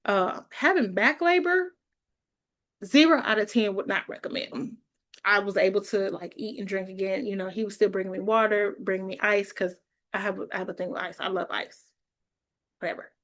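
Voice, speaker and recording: Woman vlogger, animated chatty storyteller, mid pitch. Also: fairly quick. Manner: chatty, animated, laughs while telling. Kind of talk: casual storytelling vlog.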